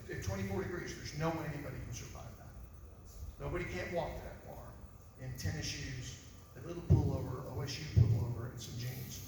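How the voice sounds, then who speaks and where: A fairly high-voiced man speaks as a civil investigator at a press conference, pressing his points hard and firing off rhetorical questions. His voice comes from well off the mic, with a long, booming reverb around it and a faint hiss underneath. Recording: echoey hall, voice far from mic.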